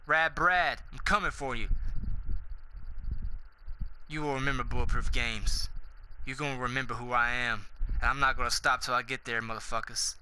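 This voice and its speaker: A man hosting a gaming channel, rambling through a loud, profane, swaggering outro rant that veers from goofy self-mockery into hype. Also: medium pitch, steady tone, normal speed, long pauses, slight background noise, low-quality recording.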